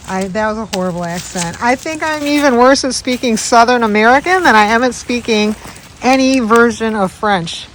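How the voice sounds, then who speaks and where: A woman's voice: fairly high pitch, normal speed, rough recording. A woman chatting casually in a backyard vlog, rambling as she calls out to the chipmunks and squirrels by name. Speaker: wildlife vlogger. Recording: outdoor recording with clear background noise.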